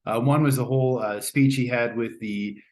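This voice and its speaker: A man's voice: medium pitch, steady tone, normal speed. A man hosting a casual spoken movie review, chatty and rambling, often hedging and restarting his sentences. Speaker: host.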